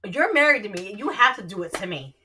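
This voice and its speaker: Woman, New Jersey accent, brash, teasing, swears a lot, livestream co-host, bright voice. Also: mid-range voice, big pitch swings, fairly quick, slight background noise. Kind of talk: casual livestream banter.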